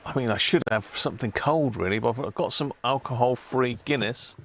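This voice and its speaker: Chatty man, live-stream host, mid-pitched voice, greets viewers by name. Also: normal speed, fairly bright tone. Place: home workshop.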